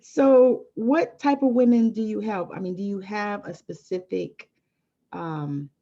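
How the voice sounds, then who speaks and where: Woman, podcast host, encouraging interviewer, mid pitch, mellow, muffled lo-fi sound. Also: measured pace. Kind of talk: casual interview chat. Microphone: video call. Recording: dull lo-fi audio.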